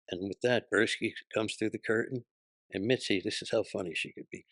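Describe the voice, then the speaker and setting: A comedian guest on a podcast, a man telling anecdotes in a lively way and acting out the people he quotes. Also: lowish voice, fairly quick, no room sound. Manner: animated, acts out quoted voices. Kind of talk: storytelling anecdotes.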